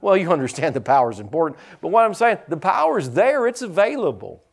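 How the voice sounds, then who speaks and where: Lively, animated preaching man. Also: fairly high pitch, fast talker, vocal fry. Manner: lively preaching with asides and teasing humor. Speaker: pastor. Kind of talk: sermon.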